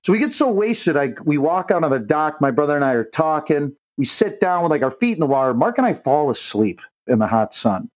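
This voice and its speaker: A man's voice: on the high side, a little fast, hardly any pauses, low-quality recording. A young man, a podcast co-host, telling a long rowdy story in casual, profane talk and acting out the voices of the people in it. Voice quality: profane, animated, acts out quoted voices.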